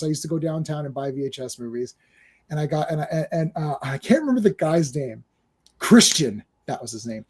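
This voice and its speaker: A podcast host in his forties tells movie stories with lots of energy, acting out quotes, swearing and frequently restarting sentences. His voice is fairly high with a dark tone, captured on a live-stream microphone.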